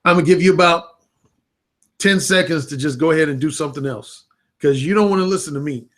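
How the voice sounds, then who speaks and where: A man's voice: a little high, quick pace, a bit bright. A man, a dating coach, talking casually and frankly into a livestream webcam, with plenty of blunt, profane language. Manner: frank, unfiltered, profane talk.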